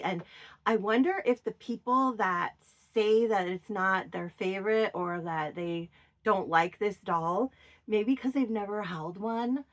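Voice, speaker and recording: A woman's voice: medium pitch, a bit bright. A woman, chatting casually and gushing over her collection. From Minnesota. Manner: gushing, doting, with drawn-out praise. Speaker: doll collector vlogger. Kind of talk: casual chat to viewers.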